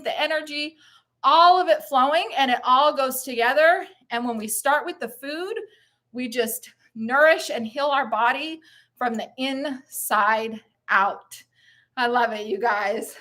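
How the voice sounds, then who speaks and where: Upbeat middle-aged woman live-stream host, slow unhurried delivery, slightly winded from jogging. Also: high voice, sharp tone. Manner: enthusiastic, cheering, laughing often. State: out of breath. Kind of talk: upbeat motivational live chat.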